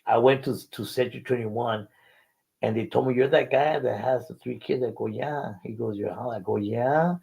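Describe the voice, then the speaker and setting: A man's voice: medium pitch, normal speed, vocal fry, darkish tone, slightly rough, poor audio. An older man, telling a faith testimony in an interview and acting out the dialogue earnestly. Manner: earnest storytelling, acts out dialogue. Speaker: guest.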